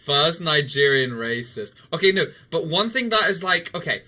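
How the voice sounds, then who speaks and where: A man's voice: on the high side, sing-song, moderate pace, pushed and bright. A young man streaming a game, chatting loosely and laughing often, with many restarts. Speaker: livestreamer. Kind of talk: casual chat while gaming.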